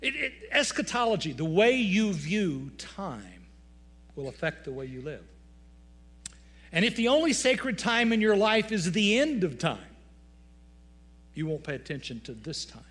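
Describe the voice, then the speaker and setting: A man's voice: sits high, fairly bright tone. A male pastor preaching a sermon, telling folksy stories with humor.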